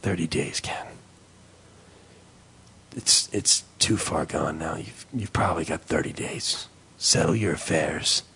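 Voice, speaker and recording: A man putting on the voice of a grave, gravelly male doctor who delivers bad news in a slow, somber, deadpan way. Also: extremely low pitch, pitched below the performer's own voice, exaggerated voice.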